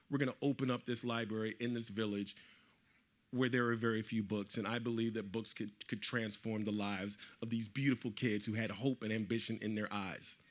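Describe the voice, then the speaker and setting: A middle-aged man tells a personal story to a live audience, his voice bright and forward. He is animated and acts out the people he quotes. His pitch sits in an ordinary middle range. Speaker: author speaking at a book event.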